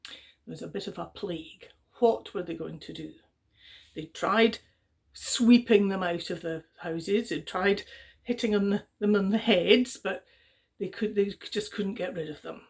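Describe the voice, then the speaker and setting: A middle-aged woman telling a traditional story to young children in a gentle, chatty way, with fillers and little voiced exclamations. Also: medium pitch, measured pace, gravelly.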